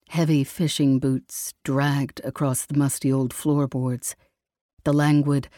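A woman giving a slow, even scripted narration of a story. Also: sits low, no echo, clean studio sound. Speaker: audiobook narrator.

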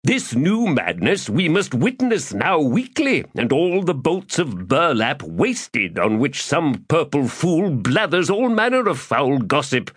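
A man voices a chubby, self-important schemer lording it over a tavern table, delivering long, flowery archaic lines and speaking of himself in the third person with full theatrical flair. The slow delivery is sing-song, barely pausing, and breathy, his pitch swooping and dancing. The recording is close and dry without echo.

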